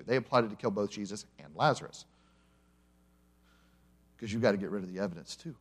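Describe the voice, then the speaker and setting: A man's voice: medium pitch, fairly quick, long pauses. A male pastor giving a conversational sermon to a congregation, telling the story with humor and acting out the characters. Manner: animated storyteller, acts out quotes with humor. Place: church service before a congregation.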